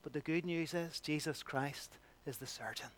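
A man preaching a sermon with emphatic delivery, rising loud and dropping to a hush. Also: a little high, moderate pace, a little hiss or hum.

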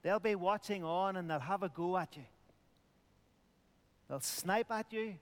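Guy preaching at communion, fairly high voice, earnest, goes quiet and hushed sometimes. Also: a little slow, long reverb tail. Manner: earnest, drops to a near whisper at tender points. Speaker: pastor. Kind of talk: communion sermon.

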